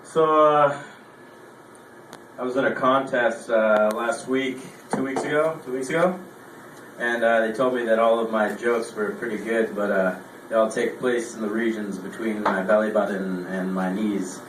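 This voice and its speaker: A man's voice: fairly low pitch, steady tone, measured pace, fairly bright tone, a little hiss or hum. Young man telling profane stand-up stories. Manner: rambling, profane anecdotes. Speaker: stand-up comedian. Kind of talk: stand-up comedy storytelling. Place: small lounge stage. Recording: echoey room, voice from far. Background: faint room ambience, audience laughter.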